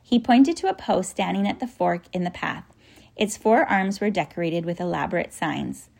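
Woman reading a kids story aloud, low voice, gravelly, soft and even. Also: moderate pace. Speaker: narrator. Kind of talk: audiobook storytelling.

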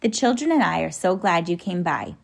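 A woman voicing a kindly, eccentric old male professor who coaxes and explains gently in a storybook reading, with a gravelly edge. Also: fairly low pitch, brisk, heavily acted. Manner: gentle, coaxing, excitable.

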